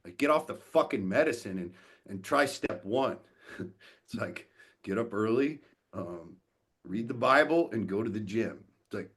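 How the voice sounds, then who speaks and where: A man's voice: on the low side, expressive, a little slow, fairly bright tone, breathy edge. A man speaking as a podcast guest, a coach for fathers, talking bluntly with lots of swearing and acting out what other people say. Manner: blunt and profane, acts out quoted dialogue. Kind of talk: casual podcast conversation.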